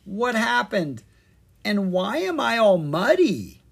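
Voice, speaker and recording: A storybook narrator voicing a drowsy young princess who has just woken up, talking slowly and in a puzzled way. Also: medium pitch, big pitch swings, vocal fry, breathy edge, voice pushed up, heavily acted.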